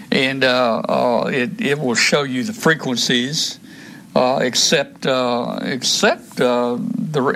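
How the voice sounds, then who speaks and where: A man's voice: mid-range voice, fairly bright tone. A man hosting a casual live stream, rambling through radio settings with many restarts and fillers, a little out of breath. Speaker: show host demonstrating radios.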